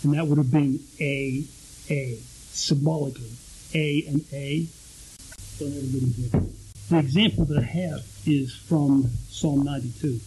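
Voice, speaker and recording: Give me a mellow-voiced man preaching a relaxed teaching sermon, with a little background noise. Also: mid-range voice, moderate pace, poor audio. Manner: conversational teaching with frequent restarts. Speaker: pastor.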